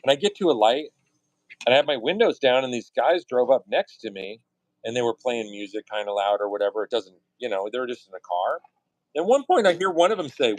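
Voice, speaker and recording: A man chats through his art stream with a lively, swooping delivery, breaking into high mock voices and snatches of song as he tells his stories. His voice sounds dry and close, with no room around it. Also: brisk, no room sound, rough recording. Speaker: artist streaming his work. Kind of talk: casual storytelling chat.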